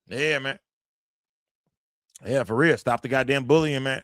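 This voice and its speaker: A man at a middle pitch hosts a livestream, talking straight to his chat. He speaks emphatically and swears freely. The sound is dry and close, with no room echo. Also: a little slow, long pauses, a bit bright, clear, resonant tone. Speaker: livestream host. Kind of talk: livestream commentary.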